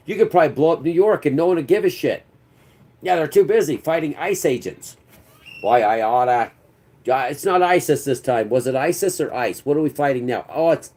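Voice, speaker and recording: A man's voice: medium pitch, a little mellow. A man hosting his own political commentary channel, ranting off the cuff in a rambling, sarcastic and profane way.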